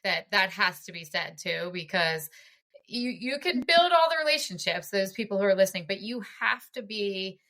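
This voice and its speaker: A woman's voice: mid-range voice, sing-song, normal speed, pushed and bright. A woman in her forties hosting a podcast interview, talking in an effusive, chatty way full of praise. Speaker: podcast host. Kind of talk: casual interview chat.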